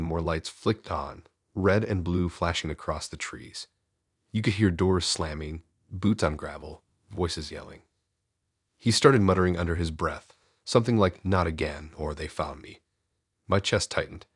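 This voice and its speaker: A man narrating a first-person horror story in a calm, measured, scripted way. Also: low-pitched, husky, no room sound, clean studio sound.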